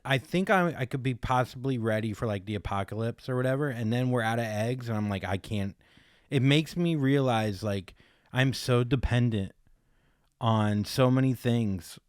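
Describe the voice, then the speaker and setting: A man's voice: mid-range voice, moderate pace, clean tone, no echo, studio quality. A man in his forties hosting a podcast in casual joking chat, laughing often and poking fun at himself. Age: 40s. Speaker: podcast host.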